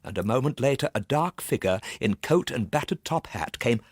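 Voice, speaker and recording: A man narrating a dark, suspenseful story in a tense voice that swings from low murmurs to urgent bursts. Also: expressive, moderate pace, no room sound, studio quality.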